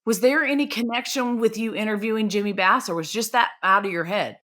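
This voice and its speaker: A woman's voice: medium pitch, brisk, fairly bright tone. A woman hosting a podcast interview, chatty and telling stories with feeling. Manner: chatty storyteller, emotional about her work. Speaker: podcast host. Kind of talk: casual conversational interview.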